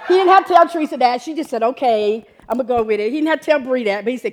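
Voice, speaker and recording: Animated woman in her fifties preaching. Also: rapid-fire, hardly any pauses, slight background noise. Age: 50s. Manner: animated, exclaiming, laughing often, pitch jumping high when excited. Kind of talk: sermon.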